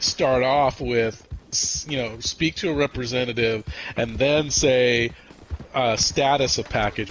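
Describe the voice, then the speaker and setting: Guy gaming with buddies, swears constantly, gets really worked up telling a story, mid-pitch voice, little bit of noise behind. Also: low-quality recording. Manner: profane, animated storytelling. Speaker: gamer playing with friends. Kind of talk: casual chat while gaming.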